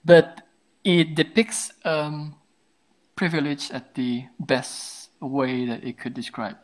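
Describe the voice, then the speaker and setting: A woman's voice: low voice, slow pace. A woman co-hosting a podcast, chatting loosely and laughing often. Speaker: podcast co-host. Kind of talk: casual chat.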